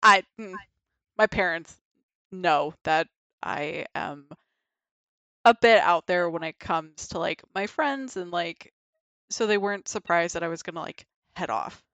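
A woman's voice: fairly low pitch, unhurried, bright, forceful tone, no room sound, lo-fi sound. A young woman casually telling a frank, laughing story on a podcast, swearing freely and acting out her own reactions. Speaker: guest.

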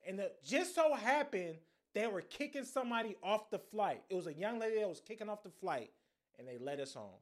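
High-voiced young man telling a story. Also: brisk. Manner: animated, profane, slangy storytelling. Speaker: podcast host. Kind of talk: casual storytelling monologue.

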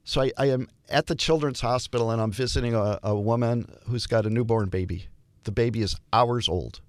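An older man, a hospital chaplain, telling stories in an interview and acting out the dialogue with lively shifts in voice. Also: mid-range voice, brisk, dry recording. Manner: animated storyteller, acts out dialogue. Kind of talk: storytelling interview.

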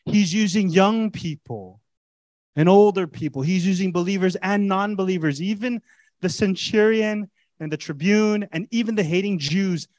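A male pastor preaching an animated, conversational sermon full of rhetorical questions to his congregation. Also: high voice, normal speed, no echo.

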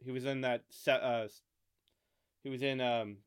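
An American man co-hosting a podcast in casual chat, rambling, thinking out loud and swearing often. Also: medium pitch, fairly even intonation, normal speed, clear, resonant tone. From United States. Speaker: podcast co-host.

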